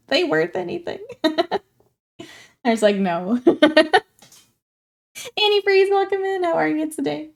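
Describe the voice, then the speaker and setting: Young woman streaming, chatty, keeps giggling, says hi to chat. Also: a little high. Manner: chatty, laughs often, greets chat. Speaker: livestreamer. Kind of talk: casual chat with viewers while hobby painting.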